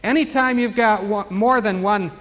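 High-voiced folksy older preacher, reverberant hall. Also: male voice, normal speed, a bit bright. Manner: folksy, rhetorical questions, reads scripture aloud. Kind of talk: Bible teaching sermon.

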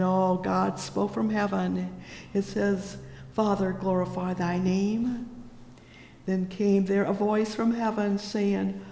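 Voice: medium pitch, creaky, darkish tone. A preacher giving a fervent sermon, reading old-fashioned scripture and exclaiming praise between lines. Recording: echoey hall.

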